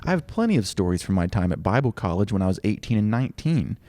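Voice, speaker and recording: A man with a fairly low voice reads listener mail on a casual podcast. He takes quoted lines slowly and deliberately. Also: very animated, warm tone, slight background noise. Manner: reads letters aloud, slows down for quotes. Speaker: podcast co-host reading listener letters. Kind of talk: casual chat.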